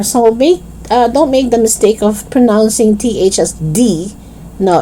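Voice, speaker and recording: A woman teaching English pronunciation, drilling word pairs slowly and exaggerating the contrasts. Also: fairly high pitch, warm tone, a little hiss or hum, low-quality recording. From Philippines.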